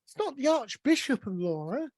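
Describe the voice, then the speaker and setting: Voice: high-pitched, big pitch swings, fairly quick, a little mellow, no room sound. Tabletop player, casual, joking, filler-heavy, dry close sound. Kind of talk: casual tabletop game chat.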